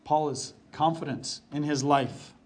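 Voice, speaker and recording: A male pastor preaching with a slightly high voice. He speeds up and slows down, repeats short phrases for emphasis, and goes low and quiet for scripture. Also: steady tone. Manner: varies pace and volume, drops low for quoted verses. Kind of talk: sermon.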